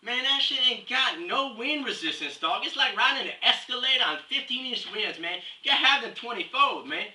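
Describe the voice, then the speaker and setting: A man's voice: very high voice, lively intonation, sharp tone, voice pushed up, heavily acted. A man voicing a swaggering young man who brags in street slang, in a roomy, distant recording with faint hiss. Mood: boastful. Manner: boastful street slang, drawn-out words. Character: swaggering slangy young man bragging about his hat.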